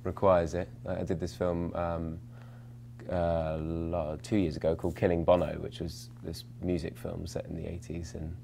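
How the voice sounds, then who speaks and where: A young actor with a notably low voice, chatting through interview questions. He rambles, restarts his sentences and pokes fun at himself, with plenty of fillers along the way. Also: monotone, moderate pace, vocal fry, mellow, slight background noise. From England, London. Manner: rambling, self-mocking, many fillers and restarts. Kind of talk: casual interview answers.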